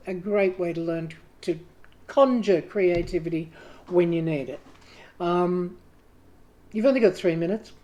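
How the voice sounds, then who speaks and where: Woman, writing group host, casual talk to camera, chatty, self-deprecating, mellow warm tone. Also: fairly low pitch. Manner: chatty, self-deprecating, acts out quoted inner voices.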